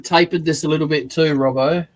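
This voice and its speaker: A man's voice: a little high, fairly even intonation, a little fast, rough recording. A man with an Australian accent, chatting casually and joking on a video call. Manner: joking, laughs often.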